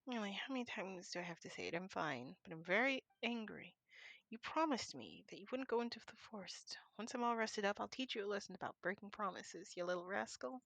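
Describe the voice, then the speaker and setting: A woman voicing a tired young woman forest ranger in a soft, half-whispered reading, scolding gently. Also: medium pitch, lively intonation, a little fast, no echo. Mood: tired, teasing.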